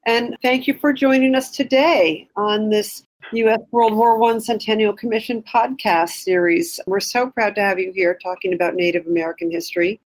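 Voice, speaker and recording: Female podcast host, mid pitch, polite and appreciative. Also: normal speed, hardly any pauses, poor audio. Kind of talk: interview hosting.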